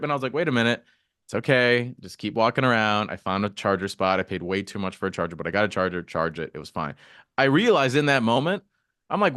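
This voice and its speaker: Animated man hosting a podcast. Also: medium pitch, no echo, studio quality. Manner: animated, quick asides, lots of backchannel. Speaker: podcast host. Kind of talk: casual podcast chat.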